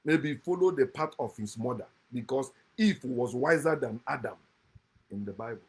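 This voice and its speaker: A man giving a passionate, mocking monologue on scripture, swinging from loud outbursts to low muttered asides. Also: animated, moderate pace, husky. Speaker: online speaker critiquing scripture.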